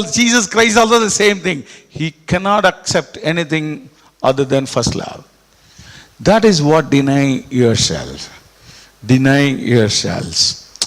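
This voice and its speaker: A man preaching a sermon, animated and repetitive, dropping suddenly quiet. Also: fairly high pitch, vocal fry. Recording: echoey hall with long reverb.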